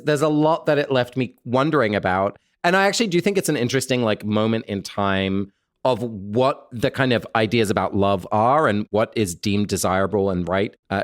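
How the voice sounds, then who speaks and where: A guest on a podcast, chatting casually in a warm, giggly, enthusiastic way. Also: medium pitch. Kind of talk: casual chat.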